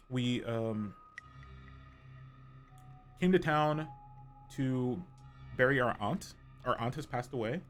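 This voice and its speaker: A man streaming a visual novel, chatting casually and rambling with fillers as he explains the story. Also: mid-range voice. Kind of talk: casual game commentary.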